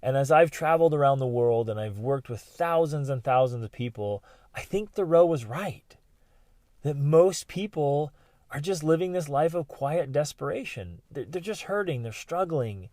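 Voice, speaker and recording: Animated male podcast host, dry close sound. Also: a little high, moderate pace, no echo. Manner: animated storyteller, acts out quotes loudly. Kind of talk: personal storytelling podcast.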